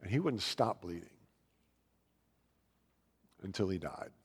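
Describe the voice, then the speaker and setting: A man preaching a sermon in a conversational, storytelling way, with fillers and lively asides. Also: low voice, slow pace, husky, in a large hall. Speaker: pastor.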